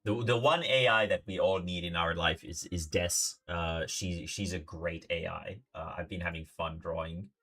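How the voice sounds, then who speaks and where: A man's voice: sits low, fairly even intonation, moderate pace, hardly any pauses, pushed and bright. A man casually reacting to a video on stream, rambling with many fillers and frequent swearing. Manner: rambling, hesitant, swears a lot.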